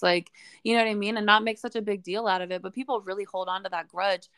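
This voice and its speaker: A woman's voice: medium pitch, steady tone, quick pace, few pauses, a bit bright, no room sound, clean studio sound. A young woman hosting a podcast, talking in a casual, blunt way and swearing freely. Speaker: podcast host. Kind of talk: casual chat.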